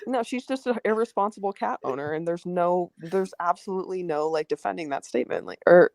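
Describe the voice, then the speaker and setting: Low, mellow-voiced woman, blunt. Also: brisk, creaky, no room sound, studio quality. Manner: blunt, sarcastic, exasperated. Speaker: panel guest. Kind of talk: casual commentary chat.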